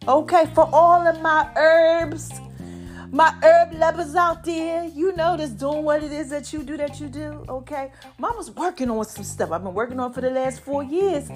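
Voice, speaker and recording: A woman hosting her own podcast, talking in an animated, drawn-out style full of "baby" and "y'all", her voice a little strained from allergies. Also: high voice. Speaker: podcast host. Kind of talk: solo podcast talk.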